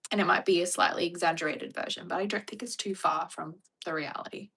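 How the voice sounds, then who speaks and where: A woman's voice: lowish voice, fairly even intonation, fast talker, creaky, a bit bright, breathy edge. A young Australian woman chatting casually on a livestream with a wry, chatty manner. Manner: chatty, wry, mock-dramatic impressions.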